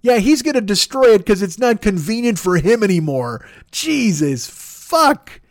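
High-voiced man on a profane rant. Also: big pitch swings, brisk, dry recording, clean studio sound. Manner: angry, sarcastic, swears constantly. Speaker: podcast host.

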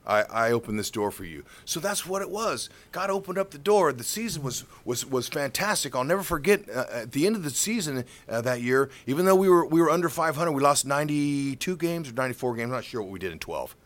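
A middle-aged man, a baseball color commentator, telling a story in an interview. He is animated, acts out the quotes and repeats words when excited. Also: a little high, quick pace, few pauses.

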